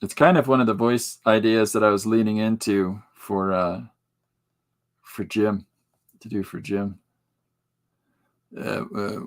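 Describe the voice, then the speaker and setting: A man's voice: lowish voice, steady tone, unhurried, long pauses. A middle-aged man hosting a podcast in casual chat, rambling with many fillers and chuckling as he talks. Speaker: podcast host.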